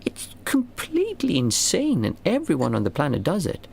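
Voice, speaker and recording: A man as a meditation teacher answering questions in casual talk, earnest and rambling, restarting phrases and jumping high to stress a point. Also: huge pitch swings, moderate pace, gravelly, darkish tone, slight background noise.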